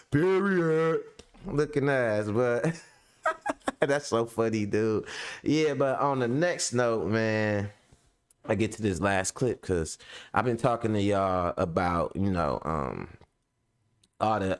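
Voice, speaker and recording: A middle-aged man hosting a casual commentary show, telling stories in slang and acting out voices in a high, squeaky pitch. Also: clean tone.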